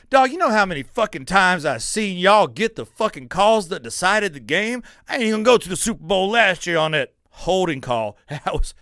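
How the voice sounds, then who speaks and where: A man's voice: high voice, expressive, moderate pace, few pauses, no echo, studio quality. A man hosting a sports show, ranting in a heated, profane, mocking way about football calls. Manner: loud, heated, swearing freely, mocking. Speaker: podcast host.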